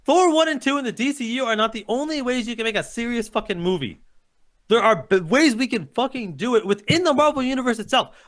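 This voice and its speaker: Man, high-pitched, rapid-fire, heated profane rant, casual podcast debate. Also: fairly bright tone. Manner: impassioned, profane ranting. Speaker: podcast co-host.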